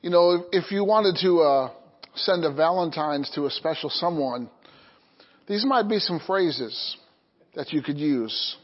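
A pastor with a notably high voice delivers a sermon, mixing light jokes with scripture. He chuckles easily and keeps checking in with his congregation. The recording is somewhat dull and lo-fi. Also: lively intonation, a little slow. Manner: chuckles through jokes, calls "amen?" to the congregation.

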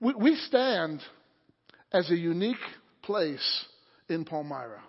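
A man's voice: fairly high pitch, sing-song, slow pace, slightly rough. A man preaching a sermon as pastor, fervent and calling out for amens, recorded in a church sanctuary. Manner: fervent preaching, calls for amen. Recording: echoey hall, dull lo-fi audio.

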